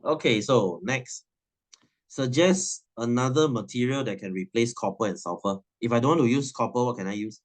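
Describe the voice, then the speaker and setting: A man's voice: medium pitch, normal speed. A man, teaching a science class in a chatty, teasing way and laughing often. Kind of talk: classroom lesson.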